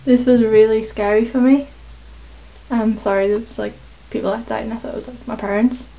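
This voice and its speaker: A woman rambling hesitantly in a casual confessional vlog, with lots of pauses and ums. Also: a little high, steady tone. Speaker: vlogger. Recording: dull lo-fi webcam audio.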